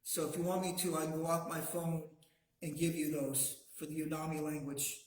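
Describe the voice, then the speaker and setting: A man leading a language class, saying words slowly and patiently for his students to repeat. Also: a little high, flat delivery. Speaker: language teacher. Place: classroom, also streamed to a video call. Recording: very echoey room.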